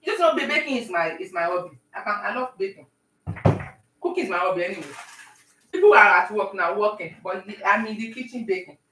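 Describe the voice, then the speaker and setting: A woman chatting with viewers on a live stream while she bakes at home, talking warmly and greeting people by name. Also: mid-range voice, reverberant, far from the mic, a little hiss or hum, poor audio. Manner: warm, talkative, talks to viewers by name. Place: home kitchen.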